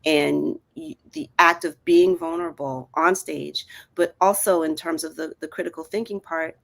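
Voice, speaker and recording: A woman comedian on a panel, speaking in a measured, thoughtful way. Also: low voice, fairly even intonation, vocal fry. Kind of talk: casual panel discussion.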